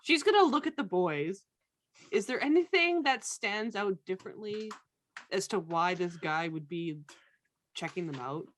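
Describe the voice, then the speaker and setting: Animated woman at a tabletop game. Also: mid-range voice, unhurried. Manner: animated, laughing. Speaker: player. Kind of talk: playing in a tabletop game, part narrating her character.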